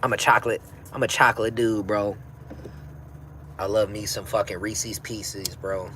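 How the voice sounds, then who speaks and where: A man's voice: fairly low pitch, steady tone, moderate pace, bright, forceful tone, slight background noise, poor audio. A man in his thirties hosting a casual livestream, talking in a laid-back, rambling way full of slang and swearing. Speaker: livestream host.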